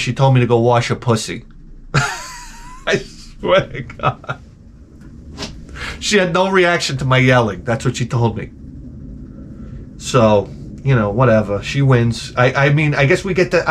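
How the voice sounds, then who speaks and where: A middle-aged man telling comedic stories as the host, in an animated, profane, exaggerated ranting style. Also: medium pitch, brisk, a little hiss or hum. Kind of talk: comedic storytelling rant.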